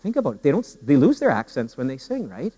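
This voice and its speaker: A pastor preaching a sermon with humor and animated storytelling, often repeating his words as he goes. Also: mid-range voice, quick pace, slightly rough, big-room sound, poor audio. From Canada.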